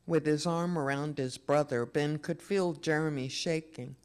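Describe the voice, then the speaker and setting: A reader at a memorial service, reading a children's story aloud in a slow, expressive way. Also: mid-range voice, clear, resonant tone.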